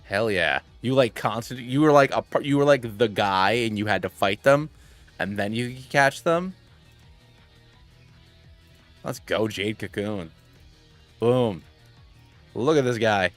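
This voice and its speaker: A man in his thirties streaming a game, chatting casually in a rambling, excitable way with many restarts and tangents. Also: on the low side, unhurried, faint music behind. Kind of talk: casual gaming stream chat.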